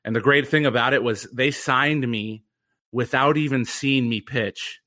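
A man's voice: mid-range voice, a little slow, pushed and bright. A young man telling an earnest, reflective story as a podcast guest. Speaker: guest, former pitcher and mental conditioning coach.

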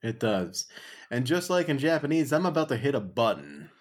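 A man's voice: medium pitch, very animated, normal speed. A man co-hosting a podcast in casual chat, rambling and self-deprecating. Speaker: podcast co-host.

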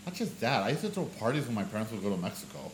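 A man co-hosting a casual podcast chat, telling stories with lively acted-out quotes. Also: fairly low pitch, racing, slight background noise. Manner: animated storyteller who acts out quoted voices. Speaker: podcast co-host. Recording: echoey room.

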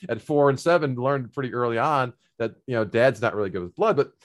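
Man, middle-aged, quick talker, casual storytelling, rambling, lots of fillers. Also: medium pitch. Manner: rambling, many fillers and restarts. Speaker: guest telling a story.

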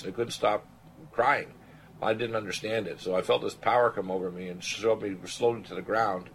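A man's voice: fairly low pitch, a little hiss or hum, rough recording. Older man telling a rambling testimony. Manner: animated testimony, rambling with fillers and throat clearing. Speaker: radio show host, physician. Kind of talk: storytelling on a talk radio show.

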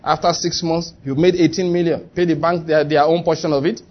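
Lively Nigerian preacher, husky and high. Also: male voice, a little fast, dull audio. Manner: lively, chatty preaching with acted-out quotes and laughter. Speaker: pastor. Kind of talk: sermon.

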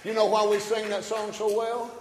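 A preacher with a high voice delivers his sermon in a big sanctuary. He drops to easy, joking asides and then climbs to full-throated shouts. The room is roomy, and each line trails off in a long reverb. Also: completely flat delivery, normal speed, a crowd in the background, background noise. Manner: preaching that swings from quiet asides to shouted climaxes; folksy and joking. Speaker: pastor. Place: church sanctuary. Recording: echoey hall, church room.

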